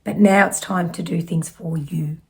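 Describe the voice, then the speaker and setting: A woman from Australia giving spiritual messages as a psychic medium, speaking slowly and gently with soft trailing phrases and small self-corrections. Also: fairly low pitch, steady tone, creaky. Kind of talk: spiritual message reading to camera.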